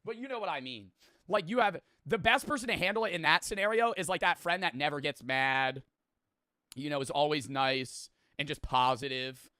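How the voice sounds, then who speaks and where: A man with a bright, forward voice talks through a reaction video in loose, rambling commentary. He swears freely and jokes at his own expense. The sound is close and dry. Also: on the high side, no echo. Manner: rambling, profane, self-deprecating, quick to laugh.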